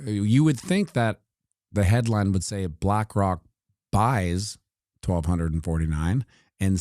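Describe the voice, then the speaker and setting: A man with a low, warm voice offers casual, joking commentary on crypto charts, tossing out asides while he scrolls and looks things up on his computer. The clean studio recording has no echo.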